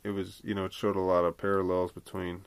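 A man's voice: low-pitched, completely flat delivery, quick pace, vocal fry, clear, resonant tone, no room sound. A man hosting a podcast on his own, talking in a loose, rambling way and swearing freely. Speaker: podcast host. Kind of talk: casual solo podcast chat.

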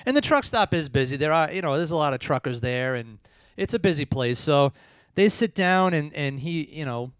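Clear-voiced man retelling a movie plot. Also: on the high side, animated, normal speed, hardly any pauses, no room sound. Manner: chatty plot retelling with frequent laughs. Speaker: podcast host. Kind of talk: casual movie review chat.

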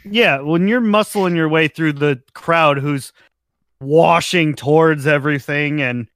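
A man's voice: on the high side, unhurried, a bit bright, dry recording. A man narrating as game master of a tabletop role-playing game, laughing between descriptions.

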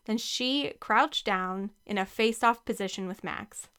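A woman narrating a children's storybook with a lively, expressive reading. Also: medium pitch, measured pace, smooth. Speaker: audiobook narrator.

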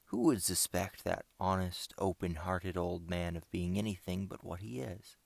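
A man playing a forthright scout lad who talks his mind freely. The voice sits low, with some gravel to it, recorded close and dry, as in a storybook reading. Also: level tone, moderate pace, dry recording. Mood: earnest. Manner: forthright, chatty. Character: blunt, talkative boy scout.

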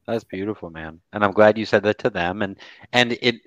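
A lively man talks candidly as a grief therapist. He slips into quoted voices and swears casually. The sound is muffled and dry with no room echo. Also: lowish voice, fairly quick. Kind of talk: candid podcast conversation.

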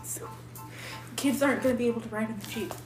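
A woman's voice: a little high, fairly even intonation, quick pace, roomy sound, faint music behind. A woman co-hosting a casual podcast over a card game, playful and giggly. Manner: playful, giggly, reads cards aloud. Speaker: podcast co-host.

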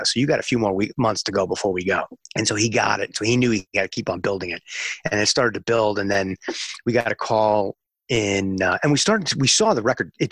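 A man's voice: on the low side, slightly rough, dry recording. A man telling a long story in an interview, acting out the voices of the people in it. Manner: animated storyteller acting out dialogue. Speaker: music radio promotion executive.

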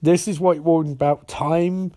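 A man voicing a weary, grumpy older male mentor who answers in flat, fed-up mutters. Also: on the high side, moderate pace, close to an everyday voice.

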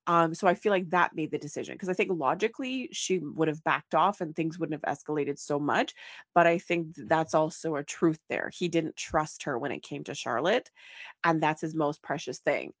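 A woman's voice: deep voice, moderate pace, no echo. A woman hosting a podcast, chatting casually and animatedly, often acting out lines with big swings in her voice. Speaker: podcast host. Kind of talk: casual chat recapping a soap opera.

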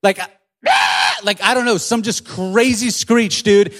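Excitable young male youth pastor. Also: high voice, unhurried. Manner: animated and excitable, slangy. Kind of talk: casual youth sermon.

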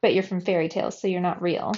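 A woman's voice: fairly low pitch, steady tone, fast talker, darkish tone, lightly acted. A woman reading aloud, voicing an inquisitive, bookish girl of about twelve, on a slightly muffled recording. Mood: curious.

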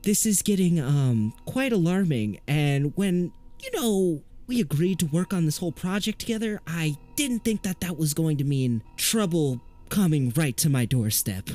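A man voicing a fussy, high-strung middle-aged male paranormal podcaster who talks in a flustered, snippy way. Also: big pitch swings, unhurried, a little mellow, faint music behind. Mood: alarmed.

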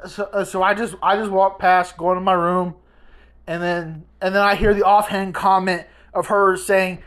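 A woman chats casually as a podcast host, telling a long family story. She rambles and restarts often. Her voice sits at an ordinary middle pitch. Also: steady tone, normal speed, a bit bright.

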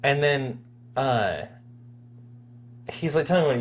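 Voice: medium pitch, a little fast. A young adult podcast co-host chatting casually about a movie, retelling scenes with acted-out lines and laughter. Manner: animated storyteller, acts out lines. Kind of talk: casual movie review chat.

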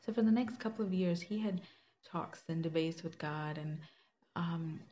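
Young woman, lower voice, earnest personal testimony, slightly muffled recording with faint hiss. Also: normal speed, dark tone. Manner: earnest, conversational, with many fillers and restarts. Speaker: Christian speaker sharing a personal story.

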